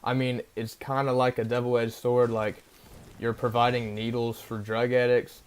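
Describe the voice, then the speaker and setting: A man's voice: mid-range voice, level tone, normal speed, clean tone. A young man casually telling a rambling story on his vlog, full of fillers and tag questions. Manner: rambling, filler-heavy, keeps asking "right?". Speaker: vlogger.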